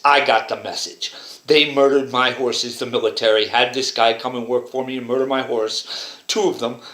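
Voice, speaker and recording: A man's voice: medium pitch, a bit bright. A man talking in a rambling, repetitive monologue, pointing out details in pictures as he goes. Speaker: vlogger interpreting images. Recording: roomy echo.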